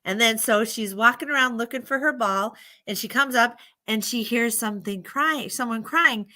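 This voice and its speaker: A woman hosting a casual stream retells a childhood bedtime story in a loose, rambling way. Her voice is bright and a little high-pitched. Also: normal speed. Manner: chatty, rambling, laughing asides. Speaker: livestream host.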